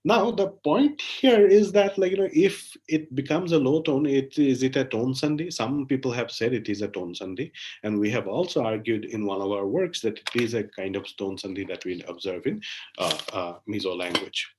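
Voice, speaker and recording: A man presents research in an academic lecture, heard over a video call. His voice sits at a middle pitch and climbs sharply whenever he opens a new point. He often stops for "like, you know" and repeated "uh, uh" while thinking. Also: moderate pace, background noise. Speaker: linguistics lecturer.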